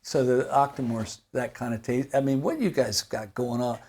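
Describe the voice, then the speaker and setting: A man in his seventies talks through an interview in a husky, slightly breathy voice. He rambles from point to point and tells stories with animated asides and laughter, at a middle pitch for a man. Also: normal speed. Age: 70s. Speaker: guitar maker and company founder. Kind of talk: casual interview storytelling.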